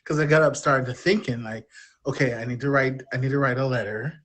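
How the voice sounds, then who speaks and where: A man's voice: mid-range voice, a little fast, fairly bright tone. Candid man telling a personal story. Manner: open, self-deprecating, rambling. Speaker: podcast guest.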